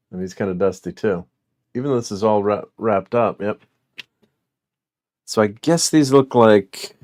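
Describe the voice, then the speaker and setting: A man's voice: on the low side, darkish tone. A middle-aged man chatting casually about old toys from his collection, rambling with lots of fillers and chuckles, on a portable mic. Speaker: toy collector vlogger. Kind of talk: casual unboxing chat.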